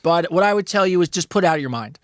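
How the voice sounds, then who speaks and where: A man's voice: a little high, animated, fast, dry recording, clean studio sound. A man co-hosting an advice podcast in casual chat, laughing often and swearing freely. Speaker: podcast co-host answering listener questions.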